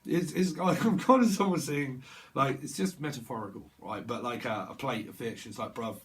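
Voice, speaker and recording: A man's voice: mid-range voice, normal speed, a bit bright. A man giving a casual tarot reading on camera, rambling and playing with words. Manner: rambling, playful wordplay, laughs often. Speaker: tarot reader.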